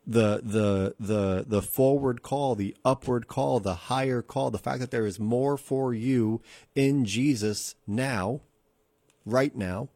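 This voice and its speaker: A man's voice: mid-range voice, slow, dark tone, no echo. A man hosting a radio podcast, preaching in an earnest, conversational way and repeating phrases for emphasis. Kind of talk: casual radio sermon. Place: radio studio.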